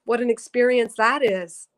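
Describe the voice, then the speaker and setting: A woman with a slightly high voice hosts a spiritual livestream, talking earnestly to her viewers. She rambles, corrects herself mid-sentence and sounds moved to the edge of tears. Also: measured pace, low-quality recording. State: teary, emotional. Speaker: psychic reader on a livestream. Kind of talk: casual spiritual livestream talk.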